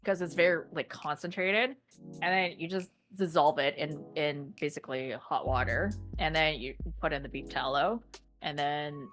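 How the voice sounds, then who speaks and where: A young Canadian woman co-hosting a podcast, chatting casually, blunt and animated, swearing freely. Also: deep voice, moderate pace, soft background music. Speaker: podcast co-host.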